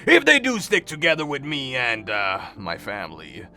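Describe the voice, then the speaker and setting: A man's voice: mid-range voice, wildly swooping pitch, moderate pace, gravelly, pushed and bright, pitched below the performer's own voice, full character voice. A man voicing a friendly, laid-back male neighbor in a game, giving folksy advice. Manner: matter-of-fact, folksy advice. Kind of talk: game dialogue read aloud.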